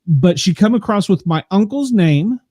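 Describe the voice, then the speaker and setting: High-voiced, mellow older male host. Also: animated, normal speed, dry recording, studio quality. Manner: rambling storyteller, laughs often. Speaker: podcast host. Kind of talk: casual chat.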